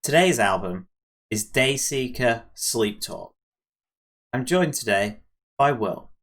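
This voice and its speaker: A man's voice: mid-range voice, lively intonation, takes it slowly, a bit bright. Young man hosting a casual chat. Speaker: podcast host.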